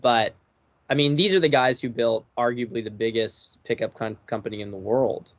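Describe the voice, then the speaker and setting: A man hosts an interview, nodding along with quick "yeah"s and filling in background for listeners. His voice is mid-pitched and sounds dry and close, with no room echo. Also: dull audio. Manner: affirming with quick "yeah"s, explains context for listeners. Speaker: interview host. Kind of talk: casual interview chat.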